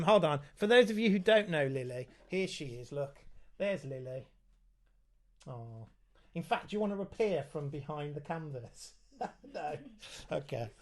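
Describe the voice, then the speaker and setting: A man hosting a casual live Q&A for parents at home, chatty and easygoing, breaking off to talk to his child. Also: fairly high pitch. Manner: chatty, reads out viewer comments, talks aside to his child. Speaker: autism specialist hosting a parent Q&A.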